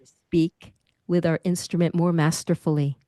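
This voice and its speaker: Middle-aged woman coaching on public speaking, expressive, plays with her voice, dry sound. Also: lowish voice, measured pace, dry recording. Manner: expressive, demonstrates voice habits. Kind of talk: interview guest giving advice.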